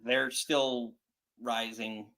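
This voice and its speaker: A man hosts a laid-back wrestling chat, rambling through his points and often stopping to restart. His voice sits at an everyday, mid-range pitch. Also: little pitch movement, creaky, over a noisy crowd. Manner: rambling, halting, many restarts. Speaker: podcast host. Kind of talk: casual chat.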